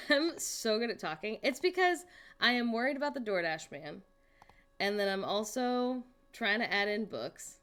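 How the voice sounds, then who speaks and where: A woman's voice: on the high side, expressive, moderate pace, fairly bright tone. A woman hosting a casual livestream from home, chatting with viewers and muttering to herself as she works. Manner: chatty, talks to herself while working on screen; greets and answers chat viewers. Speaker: livestream host.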